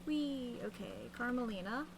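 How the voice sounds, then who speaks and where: A woman's voice: fairly high pitch, measured pace, gravelly, noisy background. A woman streaming a game, chatting casually and playfully, thinking aloud and humming silly noises. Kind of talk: casual gameplay commentary. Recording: game music behind.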